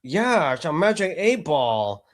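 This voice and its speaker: A man's voice: on the high side, very animated, a little slow, slight background noise. A man hosting a live stream, commenting on a clip in a casual, wisecracking way. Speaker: streamer host.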